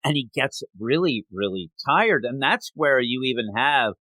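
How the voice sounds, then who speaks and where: A man hosting a podcast, recapping a manga chapter in a lively casual chat and laughing often. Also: medium pitch, unhurried, no echo. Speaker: podcast host.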